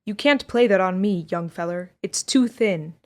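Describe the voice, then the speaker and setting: A woman's voice: mid-range voice, moderate pace, darkish tone, close to an everyday voice. Woman doing a grumpy growly man driving a stagecoach, surly and rude, storybook reading. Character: surly, foul-mouthed male stage driver.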